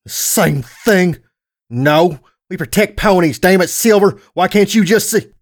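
A man's voice: on the high side, moderate pace, pitched above the performer's own voice, natural voice. A man doing a harsh, defiant young stallion raider. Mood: angry. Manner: harsh, scolding, forceful.

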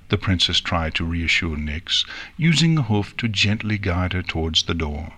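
A man narrating an audiobook with smooth, expressive storytelling. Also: low voice, moderate pace. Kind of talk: audiobook reading.

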